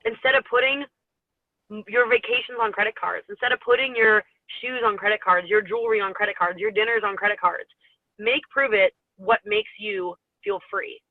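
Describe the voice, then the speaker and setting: A woman's voice: mid-range voice, fairly even intonation, moderate pace, dry recording. Chatty teary woman on a tinny line. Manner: chatty, rambling, laughs often. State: teary, sniffly from allergies. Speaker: network marketing team leader. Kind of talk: casual motivational talk.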